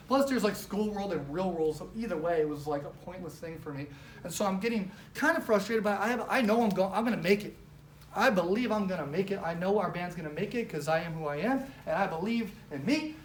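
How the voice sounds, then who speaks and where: A woman giving an animated, casual storytelling talk with lots of fillers, speaking as a presenter at a business training. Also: mid-range voice. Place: event room with a live audience. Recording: roomy, distant mic, faint background noise.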